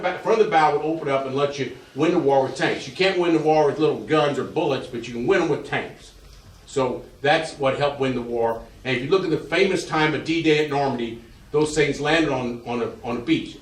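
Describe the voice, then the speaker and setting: An older man gives a rambling, folksy slide talk to a group in a museum, repeating himself as he goes. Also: mid-range voice. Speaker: museum speaker giving a talk. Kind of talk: informal slide lecture to a group. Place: museum hall with an audience. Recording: echoey room, voice from a distance.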